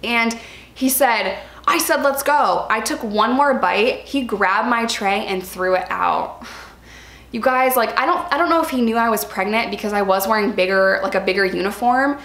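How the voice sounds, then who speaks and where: A woman's voice: mid-range voice, moderate pace, a bit bright, reverberant. A young woman speaking candidly about her own experience in a vlog, earnest and emphatic, repeating words for stress. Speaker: vlogger sharing personal experience. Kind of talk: candid personal vlog talk.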